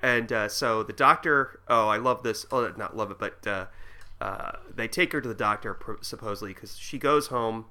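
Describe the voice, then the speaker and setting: A man's voice: fairly low pitch, normal speed, pushed and bright. A man co-hosting a podcast, chatting casually and retelling scenes with strong opinions. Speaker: podcast co-host. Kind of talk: casual chat.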